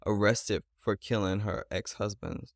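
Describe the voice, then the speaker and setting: A man's voice: lowish voice, steady tone, unhurried, vocal fry, dry recording, studio quality. A young man hosting a casual podcast, playful and full of questions, rambling through his ideas. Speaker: podcast host.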